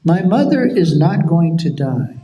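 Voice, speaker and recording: A man voicing a calm, unworried young male deity who reassures others, in an echoey room. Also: fairly high pitch, unhurried, dull audio.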